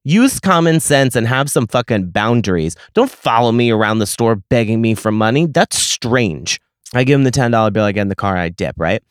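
A man on a podcast, ranting through a story with heavy swearing and exasperation. His voice sits at a middle pitch, dropping low when he mutters and climbing when he blows up. The sound is dry and close, with no room around it. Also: expressive, normal speed, clear, resonant tone, no room sound. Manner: profane, exasperated ranting that swings between muttering and loud outbursts. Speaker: podcast host.

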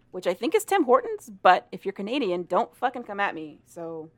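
Woman podcast cohost just chatting, laughs a lot, swears a bunch, mid pitch. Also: sing-song, brisk, few pauses. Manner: swears freely, laughs often. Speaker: podcast co-host. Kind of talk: casual chat retelling a book plot.

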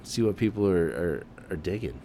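A man's voice: sits low, lively intonation, normal speed, dark tone, slight background noise. A man from the Midwest hosting a casual solo commentary, laid-back and enthusiastic, tossing in "man" and mild swearing. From American Midwest.

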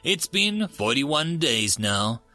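A man's voice: mid-range voice, big pitch swings, takes it slowly, bright, forceful tone, no room sound, soft background music, full character voice. A man voicing a formal, patient male alien interrogator in a sci-fi story. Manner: formal, clipped.

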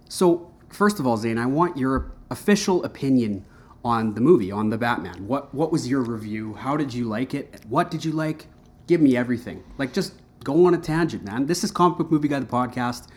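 A man's voice: medium pitch, lively intonation, moderate pace. A man hosting a casual podcast, chatty and rambling, asking lots of questions and slipping into a radio announcer delivery at times. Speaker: podcast host.

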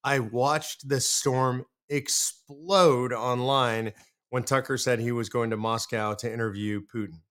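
A man's voice: medium pitch, fairly even intonation, unhurried, a bit bright. A man from the United States hosting a political commentary monologue, talking earnestly and directly and repeating his points for emphasis. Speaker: show host.

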